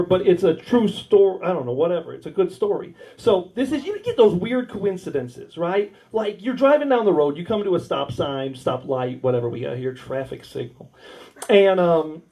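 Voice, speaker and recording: High, lively American stand-up man. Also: low-quality recording. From United States. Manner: crude, rambling anecdotes with acted-out dialogue. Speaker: stand-up comedian. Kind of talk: stand-up storytelling. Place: small warehouse comedy night.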